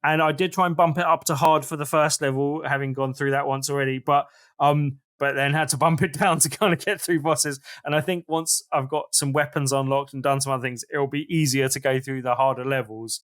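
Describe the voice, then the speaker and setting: A man co-hosting a games podcast, relaxed and hedging his points with fillers. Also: fairly high pitch, fairly quick, few pauses, dry recording, studio quality. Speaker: podcast co-host. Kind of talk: casual chat about video games.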